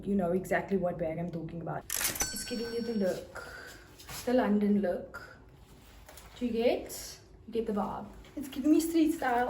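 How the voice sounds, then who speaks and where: A young South African woman with a South African accent, gushing over her haul in a casual fashion vlog. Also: mid-range voice. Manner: gushing, bursts into excited squeals. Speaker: fashion vlogger. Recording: echoey room with faint noise.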